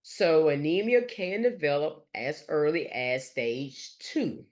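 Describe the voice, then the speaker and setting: A nurse educator giving a recorded lecture over slides, speaking haltingly and leaning on fillers and restarts. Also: medium pitch, sing-song. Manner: halting, with frequent fillers like "let's say" and "gonna".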